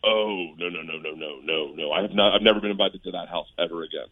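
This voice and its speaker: A middle-aged man, a comedian, tells animated stories on a radio show, laughing and jumping high when he quotes people. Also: quick pace, dry recording, narrow, tinny audio. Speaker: comedian guest.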